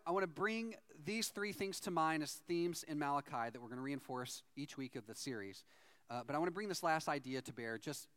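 A man preaching a sermon as a pastor, in a conversational, animated storytelling manner. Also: on the high side, clear, resonant tone.

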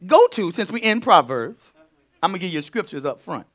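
A male pastor teaching a sermon in an animated way, dropping to quiet asides and then rising to loud, emphatic bursts. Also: high voice, a little fast.

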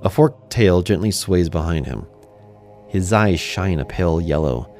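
Deep-voiced man narrating a fantasy story. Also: expressive, measured pace, a little mellow, soft background music. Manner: conversational, speaks to the listener directly.

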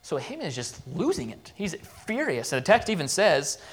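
With wildly swooping pitch, a man whose voice runs on the high side preaches in church at a moderate pace. He's a pastor casually recapping a Bible story in his sermon, acting out what the characters say.

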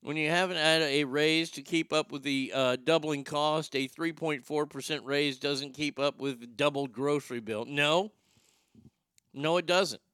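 A man's voice: on the high side, fairly even intonation, unhurried, a bit bright, clear, resonant tone, dry recording, studio quality. A man hosting a vlog, ranting in a crude, opinionated monologue and stammering over his words. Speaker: vlog host.

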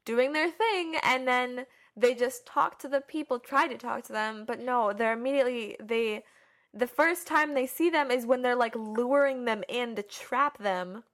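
A young woman chatting casually about films, animated and chatty, acting out her own past lines. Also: on the high side, unhurried. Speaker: co-host. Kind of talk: casual film chat.

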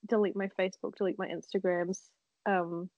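A woman's voice: medium pitch, level tone, fairly quick, dry recording. Young woman joking loosely, dull recording. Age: young adult. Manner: laughing, teasing, swears freely. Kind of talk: casual chat.

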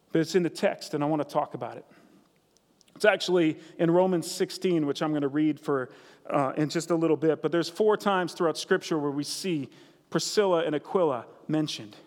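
A man with a high voice preaches a sermon to his congregation, earnest and conversational. He repeats his key lines for emphasis, and his voice rings out with a long reverb from a large hall. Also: moderate pace, a little mellow. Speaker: pastor.

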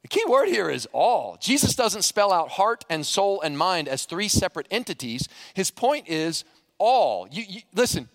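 A man's voice: on the high side, no echo, studio quality. A male pastor preaching a sermon, telling stories with animation and putting questions to the congregation.

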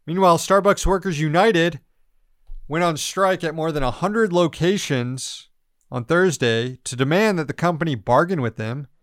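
Man, sarcastic political commentary, smooth clear voice, slightly high, dry close mic. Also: normal speed, dry recording. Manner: sarcastic, profane, mocking voices of officials. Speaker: news podcast co-host.

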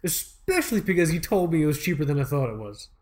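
Excitable young man, slightly high voice. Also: fast. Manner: loose, excitable, swears a lot. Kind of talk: casual chat.

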